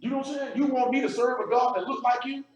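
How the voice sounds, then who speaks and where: A man's voice: very high voice, steady tone, fast talker. A man preaching a blunt, emphatic sermon in casual street talk, often asking "you know what I'm saying". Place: assembly room. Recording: echoey room, speaker far from the mic, faint noise.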